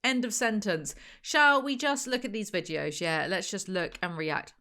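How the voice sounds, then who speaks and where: A woman, chatting sarcastically to camera as host of a reaction video. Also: mid-range voice. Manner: sarcastic, ranting, quick asides. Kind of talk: casual chat to camera.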